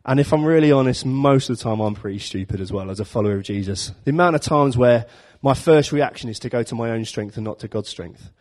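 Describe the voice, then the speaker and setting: A man delivers a relaxed, conversational sermon. He tells the story with jokes and slips into little acted-out voices for the characters, keeping it light and chatty. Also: medium pitch, fast talker, few pauses. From London. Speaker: preacher. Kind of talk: informal sermon.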